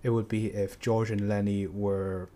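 Low-voiced man, hesitant and rambling. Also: flat delivery, measured pace, dark tone. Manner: hesitant, rambling with many fillers. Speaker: book discussion participant. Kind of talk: casual discussion.

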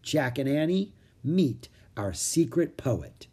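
A man voicing a kind, wise older philosopher in a children's storybook reading, slow and measured. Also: mid-range voice, very animated, warm tone, slightly rough, heavily acted.

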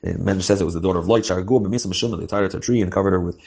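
A man's voice: low-pitched, fairly even intonation, racing, creaky, a little mellow, husky. A man teaching a religious text line by line, each phrase with a pronunciation and then translating and explaining it. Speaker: Torah teacher. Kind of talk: line-by-line text study, mixing Hebrew and English.

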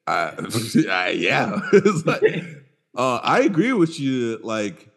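A podcast host with a medium-pitched, fairly bright voice speaks slowly, his pitch swooping wildly. He keeps the chat casual and laid-back, swearing a lot and laughing often.

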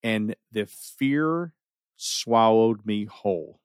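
Male storyteller, middle-aged, low voice, lively recounting with restarts and pauses; close, dry sound. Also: clear, resonant tone, dry recording. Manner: animated, with many restarts and dramatic pauses. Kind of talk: personal storytelling.

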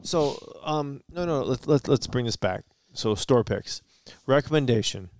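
A man from Michigan co-hosting a casual podcast chat, talking in a measured, deliberate way. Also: medium pitch, animated, darkish tone, a little hiss or hum. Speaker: podcast co-host.

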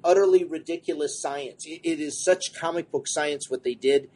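A man co-hosting a casual comics podcast, rambling and excitable, running a comic shop and apologizing for talking too much. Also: on the high side, normal speed, breathy edge. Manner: rambling, excitable, self-deprecating.

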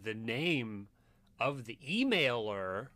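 Lively man with a bright voice. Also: medium pitch, takes it slowly, no echo. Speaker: podcast co-host. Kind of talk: casual comedic chat.

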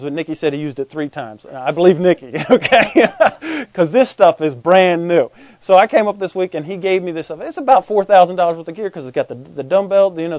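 Folksy preacher, high voice. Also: male voice, dry recording, muffled recording. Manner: folksy, conversational preaching with asides to the congregation. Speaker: pastor. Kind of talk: sermon.

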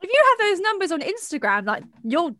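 A young woman co-hosting a podcast, chatty and quick to giggle. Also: very high-pitched, big pitch swings, fairly bright tone, no room sound, studio quality. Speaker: podcast co-host. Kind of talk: casual chat.

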